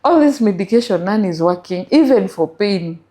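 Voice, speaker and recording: A woman's voice: medium pitch, expressive, moderate pace, warm tone. A middle-aged woman with a Kenyan accent, telling her story as an interview guest and mixing English with Swahili.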